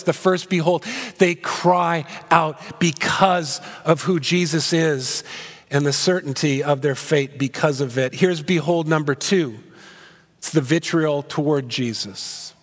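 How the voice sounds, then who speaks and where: A male pastor preaching an expository sermon in a church sanctuary, animated, moving between loud and hushed delivery. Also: fairly high pitch, normal speed. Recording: long hall reverb.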